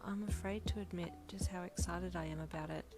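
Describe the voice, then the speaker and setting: A woman voicing a shy teenage boy who speaks softly, with a quiver, over faint instrumental music. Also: lowish voice, fairly even intonation, brisk, close to an everyday voice. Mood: tender shy. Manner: soft, quiet, quivering. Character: shy, timid teenage boy hero student.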